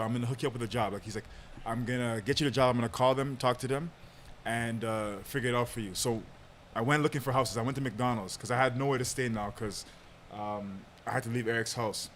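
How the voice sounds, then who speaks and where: A man's voice: mid-range voice, fairly even intonation, fast, a little hiss or hum. Laid-back young man telling a story. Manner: laid-back, laughs often, lots of fillers. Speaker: podcast host. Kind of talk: casual storytelling chat.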